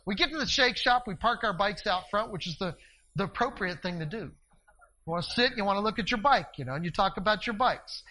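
A male minister preaching a sermon, telling a personal story in an animated way and swinging between loud and hushed delivery. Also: high voice, a little fast, low-quality recording. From northeast Ohio, US.

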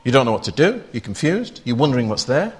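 A man's voice: mid-range voice, big pitch swings, fast, slightly rough. A man preaching a sermon, talking conversationally and putting rhetorical questions to his listeners.

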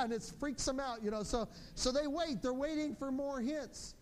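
A man in his forties preaching a sermon, telling stories in a lively way and acting out his children's voices, then going quiet for reflection. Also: very high voice, brisk, hardly any pauses, a little hiss or hum. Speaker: pastor.

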